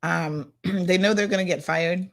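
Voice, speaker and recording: A woman hosting a casual local news chat, chatty and animated, full of asides and fillers. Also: fairly low pitch, a little slow, vocal fry. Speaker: host.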